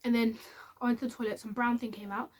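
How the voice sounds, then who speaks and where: A woman's voice: on the high side, level tone, fast. A woman telling a candid personal story to camera in a chatty, casual way. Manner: chatty and candid, with many fillers. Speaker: vlogger.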